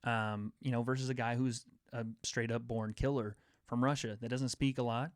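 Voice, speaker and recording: A man's voice: mid-range voice, steady tone, moderate pace, dry recording, clean studio sound. Male host, young adult, mid-range voice, rambling eager fight chatter. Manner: rambling, enthusiastic fight talk. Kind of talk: casual sports chat.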